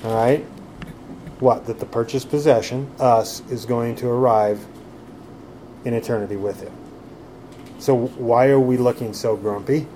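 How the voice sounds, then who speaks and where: Conversational man preaching, mellow voice. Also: mid-range voice, fairly even intonation, a little slow, pauses often, a little hiss or hum. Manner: conversational preaching, rhetorical questions. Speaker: pastor. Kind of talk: sermon.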